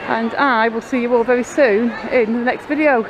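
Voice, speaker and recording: A woman's voice: a little high, fairly even intonation, normal speed. A woman vlogging outdoors with a handheld camera, rambling through a casual story. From Blackpool, England. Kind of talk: casual walking vlog narration. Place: outdoors on a busy town street. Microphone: handheld camera mic. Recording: street noise behind.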